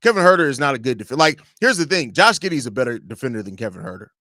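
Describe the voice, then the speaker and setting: A man's voice: mid-range voice, big pitch swings, quick pace, pushed and bright, dry recording, clean studio sound. A man hosting a casual live-stream sports talk show from home, opinionated and rambling, often restarting his sentences. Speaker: host of a basketball fan podcast.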